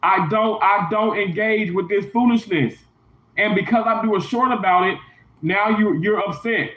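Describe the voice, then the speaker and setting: A man's voice: sits high, normal speed, a bit bright. A man livestreaming from a hotel room, venting in an emphatic, repetitive, indignant way. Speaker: YouTuber livestreaming. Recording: roomy, dull lo-fi sound.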